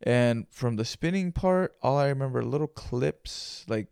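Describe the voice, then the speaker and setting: A man's voice: medium pitch, animated, moderate pace, creaky, a little mellow, smooth, no room sound, clean studio sound. A young man hosting a solo podcast, telling a story in loose, profane slang. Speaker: podcast host.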